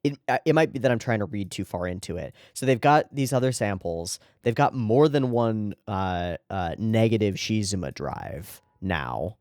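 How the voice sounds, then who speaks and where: A man with a fairly low voice talks through an anime episode in casual, excitable commentary. He swears freely and often trips over his words and restarts. The sound is dry and close, with no room echo. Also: moderate pace, hardly any pauses. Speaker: anime reaction host.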